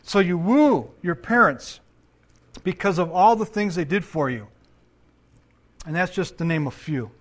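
A male preacher with a high-pitched voice delivers an animated sermon. He reads scripture passages aloud, then breaks off to comment on them and put questions to his congregation. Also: measured pace, long pauses. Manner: animated, asks the audience questions. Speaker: pastor and counselor.

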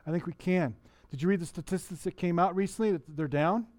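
A man's voice: high voice, quick pace, darkish tone, no room sound. A middle-aged man preaching a sermon as a pastor in a conversational way, asking the congregation questions and often restarting his sentences. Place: church.

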